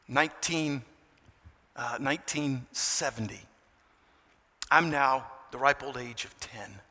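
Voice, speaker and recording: A man in his sixties preaching a sermon as pastor, swinging between hushed and loud delivery. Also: fairly high pitch. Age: 60s. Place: church. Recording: reverberant church hall with music.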